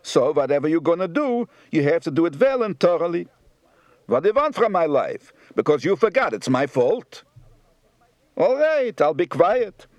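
A man's voice: a little high, very animated, normal speed, no room sound, voice pushed up. A man doing a sing-song Yiddish-accented older man. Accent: Polish Yiddish. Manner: sing-song, rising and falling intonation. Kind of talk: accent demonstration.

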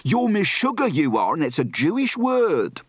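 A man putting on a London Yiddish accent as loud market hawkers who drag out their sales calls, for an accent demonstration. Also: high voice, sing-song, no echo, pitched above the performer's own voice. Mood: brash. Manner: drawn-out, shouted sales calls.

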